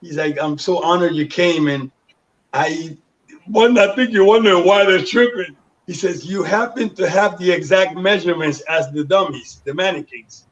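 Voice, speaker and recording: A man's voice: high-pitched, moderate pace. A man in his sixties from Panama, a guest telling his life story in an interview and acting out the voices of the people in it. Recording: dull lo-fi sound.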